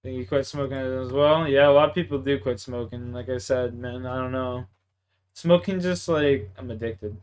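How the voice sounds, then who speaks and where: A man's voice: medium pitch, normal speed, darkish tone, clear, resonant tone. A young man from Canada with a Canadian accent, chatting casually in a laid-back, profane, slangy way. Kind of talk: casual chat.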